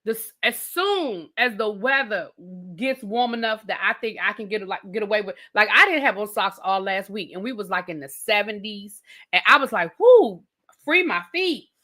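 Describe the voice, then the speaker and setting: A woman's voice: mid-range voice, normal speed, pushed and bright. A woman, ranting bluntly and casually about a TV show she reviews, swearing freely.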